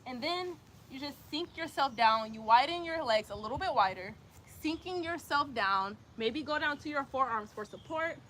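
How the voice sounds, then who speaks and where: Young female yoga instructor, bright high voice, casual and slangy while cueing breaths outdoors. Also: lively intonation, normal speed, slight background noise. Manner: chatty, slangy asides to viewers. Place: outdoors in light rain.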